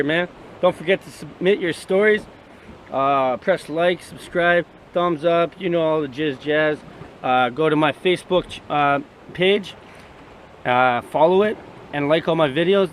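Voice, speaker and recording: A man's voice: on the high side, normal speed, slight background noise. A man telling a crude story in a rambling, swearing, casual way to his vlog camera outdoors by the sea. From Canada. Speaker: vlogger.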